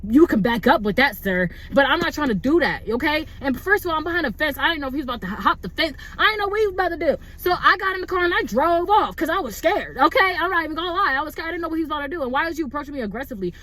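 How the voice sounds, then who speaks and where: A young woman with a high voice talks through a personal story on her vlog. She rambles, restarts her sentences and fills them with "like" and "bro". The telling is casual and unscripted. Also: very fast, few pauses. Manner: rambling, animated, lots of "like" and "bro". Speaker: vlogger.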